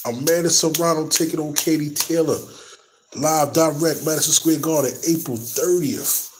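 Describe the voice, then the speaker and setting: A man's voice: a little high, normal speed, slight background noise, poor audio. A man hosting a boxing talk show, chatting casually and with slang straight to his viewers from his workplace. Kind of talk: casual boxing commentary vlog.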